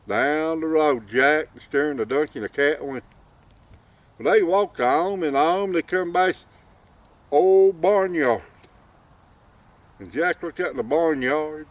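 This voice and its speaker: A man's voice: a little high, normal speed, no echo. A man telling a folk tale in a folksy drawl. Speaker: storyteller. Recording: distant mic, faint outdoor noise.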